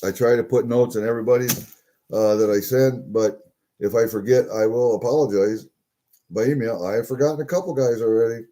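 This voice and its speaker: A man's voice: medium pitch, fairly even intonation, normal speed, warm tone. An older man casually chatting on a live stream while opening packages at his desk, rambling and greeting viewers as he goes. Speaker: livestream host opening packages. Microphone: webcam on desk.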